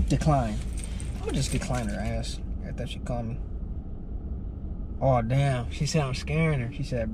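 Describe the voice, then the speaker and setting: A man's voice: mid-range voice, normal speed. Slangy young man vlogging from a car. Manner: slangy, chatty, laughs often. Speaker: prank vlogger. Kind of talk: casual prank vlog talk to viewers. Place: inside a car. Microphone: GoPro camera in the car. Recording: car and road noise behind.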